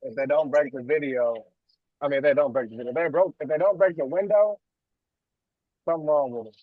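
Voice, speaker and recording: A man co-hosting a reaction video, chatting casually with relaxed, slangy banter. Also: fairly high pitch, fairly quick, dry recording, narrow, tinny audio.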